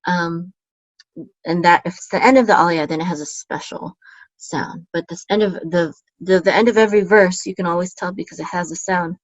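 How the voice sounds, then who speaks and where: A woman teaching a Hebrew lesson, explaining patiently with many fillers and chanting words slowly. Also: on the low side, no echo. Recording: dull, lo-fi sound.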